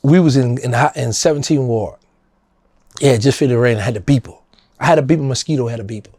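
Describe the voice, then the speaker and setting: A middle-aged man with a New Orleans accent, telling a story as an interview guest and acting out quotes in a higher voice. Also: fast, dark tone, dry recording, clean studio sound. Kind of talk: casual storytelling.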